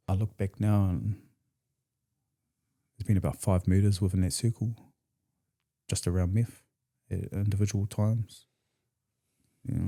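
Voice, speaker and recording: A New Zealand man speaking as a podcast guest, his voice low and dark in tone. He recounts his past candidly, with blunt, slangy, profane phrasing. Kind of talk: candid storytelling in conversation.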